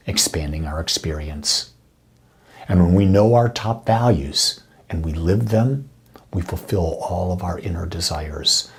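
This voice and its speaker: A male minister with a low, very breathy voice gives a spiritual talk. His delivery is soft and intimate, full of breathy, whispered phrases and slow, deliberate affirmations.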